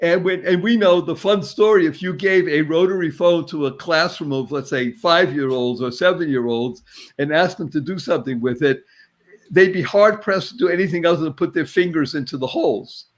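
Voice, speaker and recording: A man's voice: fairly high pitch, moderate pace. A man hosting an interview show in a chatty, jovial way. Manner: chatty, jovial, laughs often. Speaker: podcast host.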